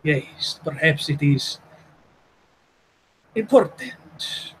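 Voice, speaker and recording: A pompous, courtly male vampire zealot, as a man puts him on for a tabletop game. He speaks slowly and grandly in a slightly high voice, with faint room noise behind. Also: expressive, fairly bright tone, full character voice, low-quality recording. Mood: grandiose. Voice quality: pompous, formal, drawn-out.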